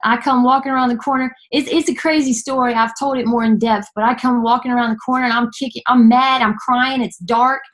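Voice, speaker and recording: A woman's voice: on the high side, steady tone. A young woman from Nashville, giving an earnest personal testimony that halts and restarts often. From Nashville, Tennessee. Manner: earnest, halting, many fillers and restarts.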